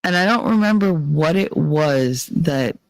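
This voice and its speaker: A man's voice: fairly high pitch, animated, a little slow, vocal fry, dry recording. A man from New Jersey talking candidly to his viewers in a rambling, profane, confessional way, sometimes mimicking other people. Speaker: channel host. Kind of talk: candid personal monologue to viewers.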